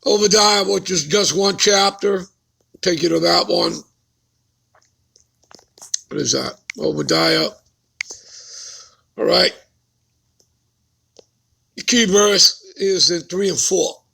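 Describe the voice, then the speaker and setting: Gravelly, high-pitched man preaching slowly. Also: pushed and bright. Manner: asks the listeners rhetorical questions and keeps checking with "all right?". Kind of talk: Bible-study sermon.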